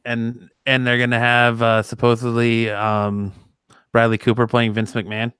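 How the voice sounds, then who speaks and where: Smooth-voiced man hosting a podcast. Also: mid-range voice, measured pace, no echo. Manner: relaxed, with frequent fillers and restarts. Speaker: podcast host. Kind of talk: casual chat.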